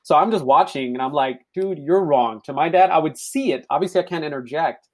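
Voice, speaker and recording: Young man from Africa, podcast guest, lively storyteller, slightly higher voice. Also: fast talker. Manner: animated storyteller, acts out quoted voices. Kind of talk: casual chat.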